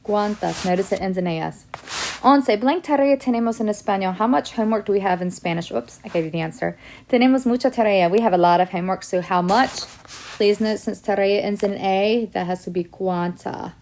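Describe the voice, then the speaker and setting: A woman with a slightly gravelly edge to her voice walks her students through a Spanish lesson. She reads example sentences in English and Spanish and explains each answer in turn, at a middling pitch. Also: a little fast, a little mellow, a little hiss or hum. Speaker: Spanish teacher. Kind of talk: classroom lesson video.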